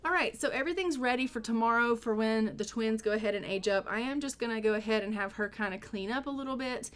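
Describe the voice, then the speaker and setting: A woman's voice: fairly high pitch, fast, fairly bright tone. A woman casually narrating a life-sim game, chatty and storytelling, often filling in with "like.". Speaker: gameplay narrator. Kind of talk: casual gameplay commentary.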